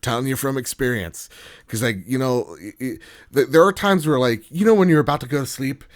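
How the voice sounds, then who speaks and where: A man hosting a podcast in casual chat, joking and animated, with many fillers. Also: medium pitch, a little fast. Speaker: podcast host.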